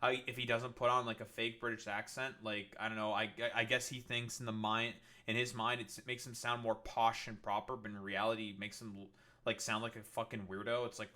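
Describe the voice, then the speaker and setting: A man with a fairly low, bright, forceful voice rants through a news video at a fairly quick clip, his delivery flat. He's scornful and sarcastic, swears heavily, and keeps restarting amid lots of fillers.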